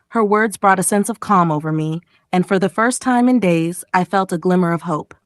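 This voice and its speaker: Speaking at normal speed with hardly any pauses, a woman reads short emotional stories aimed at English learners. The studio sound is clean and dry. She announces paragraph titles, then gives quoted lines a higher pitch and a distinct feeling each.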